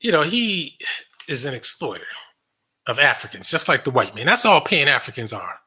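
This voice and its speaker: Blunt, profane man with a husky voice. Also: medium pitch, big pitch swings, normal speed, bright, forceful tone. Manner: blunt and profane, laughs often; sarcastic. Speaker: online show host. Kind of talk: casual commentary monologue.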